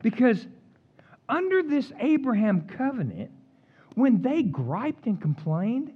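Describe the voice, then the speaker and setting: Animated high-voiced male preacher. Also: slow pace, breathy edge, narrow, tinny audio. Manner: animated, jokey, reads scripture aloud acting out the complainers. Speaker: pastor. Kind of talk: sermon.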